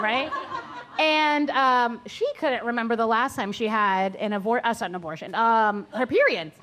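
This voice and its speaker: A woman's voice: fairly high pitch, a little slow, fairly bright tone, slight background noise. Blunt, swearing woman at a live panel. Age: adult, mother of four. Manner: blunt, swears freely, laughs while telling stories. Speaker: abortion doula and maternal health advocate. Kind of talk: candid live panel talk. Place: live event at a coffee house.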